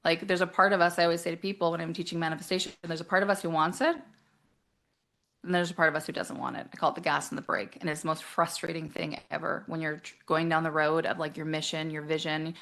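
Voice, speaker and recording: Gravelly-voiced woman coach, animated. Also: deep voice, fast. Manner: animated, acts out quoted voices, laughs often. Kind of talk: casual interview talk.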